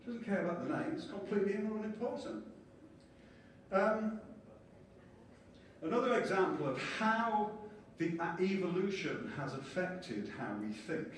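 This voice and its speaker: A man giving a lively conference lecture and explaining ideas with small acted-out scenes. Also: sits high, unhurried, slight background noise. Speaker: conference speaker. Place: conference hall. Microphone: distant from the mic. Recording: echoey hall from far off, faint ambience.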